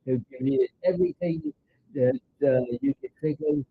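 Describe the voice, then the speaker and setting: A man in his nineties with a New York accent, telling rambling stories in a halting way with many filler sounds. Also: medium pitch, fairly even intonation, a little hiss or hum. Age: 90s. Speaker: interview guest, grandfather. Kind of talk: casual storytelling chat. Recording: tinny phone-like sound.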